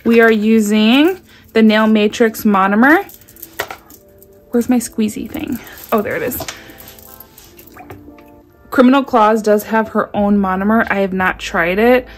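A young woman chatting excitedly to her viewers while unboxing, gasping and gushing as she talks. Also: mid-range voice, unhurried, pauses often, soft background music. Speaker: nail vlogger doing an unboxing. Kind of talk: excited casual unboxing chat.

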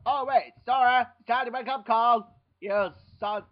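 A man's voice: very high voice, steady tone, unhurried. A young man doing goofy comedic fan-dub voice acting, jumping between character voices. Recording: muffled lo-fi home recording.

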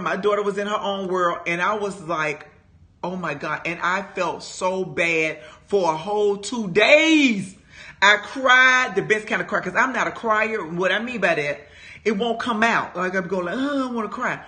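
A woman in her fifties giving an animated, emphatic personal testimony in a Bible study talk, talking straight to her listeners. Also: medium pitch. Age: 50s. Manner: animated, emphatic storytelling, addressing listeners as "y'all".

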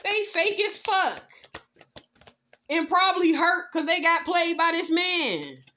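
A woman's voice: extremely high pitch, big pitch swings, takes it slowly, bright, forceful tone. A woman giving a blunt, profane tarot reading, scolding and laughing as she talks. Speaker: tarot reader. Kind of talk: casual spoken tarot reading. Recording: slightly dull lo-fi sound.

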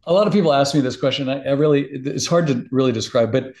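A middle-aged man, a podcast guest, talking in casual interview chat with an emotional, animated storytelling manner. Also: medium pitch, fast talker, gravelly.

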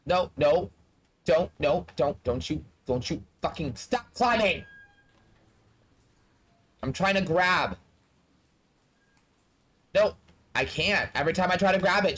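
Man, high-pitched, casual gaming commentary, blunt, talks straight to the characters. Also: animated, slow, long pauses, fairly bright tone. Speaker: gaming streamer. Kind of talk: casual let's-play commentary.

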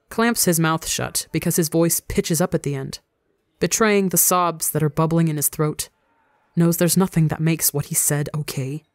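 A podcast reader narrating a fan fiction story in a calm, measured way. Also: medium pitch, no echo. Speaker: audiobook reader. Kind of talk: fanfiction audiobook narration.

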